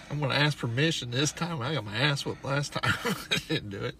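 Young man, podcast co-host, bright edgy tone, acts out every quote with swearing. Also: medium pitch, a little hiss or hum. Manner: animated storyteller, acts out quotes, swears freely. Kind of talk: casual chat.

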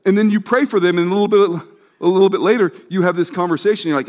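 A pastor delivering a sermon with a slightly high-pitched male voice. He talks conversationally, telling stories. He often sinks to a low, quiet tone for quotes and emphasis. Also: steady tone, quick pace.

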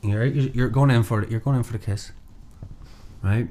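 A young man from Northern Ireland, speaking at normal speed in a mellow, medium-pitched voice, chats casually. He rambles, swears, and acts out what other people say.

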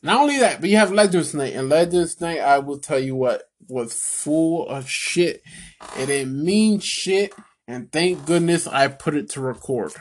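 A man's voice: fairly high pitch, measured pace. A man giving a casual solo wrestling rant, rambling with fillers and calling his viewers "people", and getting worked up and cursing. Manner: swings from excited to angry ranting, swearing. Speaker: wrestling commentary vlogger.

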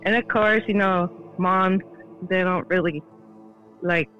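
A woman's voice: lowish voice, fairly even intonation, slow pace, dull audio, soft background music. A woman guest on a podcast telling a story in casual chat, full of "like" fillers. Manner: chatty, heavy use of "like" fillers.

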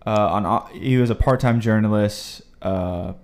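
A man's voice: on the low side, normal speed. A young man co-hosting a casual podcast, reading facts aloud from his notes with easy chatter. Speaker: podcast co-host.

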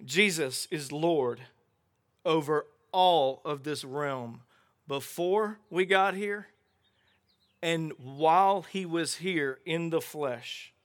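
A middle-aged man preaching a sermon as pastor, telling Bible stories with animated voices for the characters. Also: fairly high pitch, slow. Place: outdoor gathering without a building.

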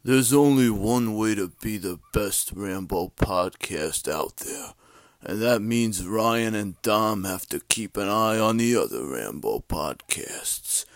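A man doing a slow, mumbling action-hero announcer. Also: lowish voice, animated, no room sound. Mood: gravelly. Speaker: show intro announcer.

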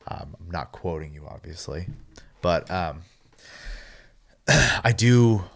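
A man's voice: deep voice, animated, slow, gravelly, fairly bright tone. A man co-hosting a casual podcast chat, easygoing and agreeable. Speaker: podcast co-host.

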